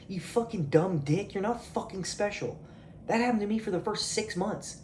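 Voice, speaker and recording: A man's voice: sits high, normal speed, a little hiss or hum. Blunt, swearing man ranting. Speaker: video creator. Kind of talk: profane motivational rant. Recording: echoey room.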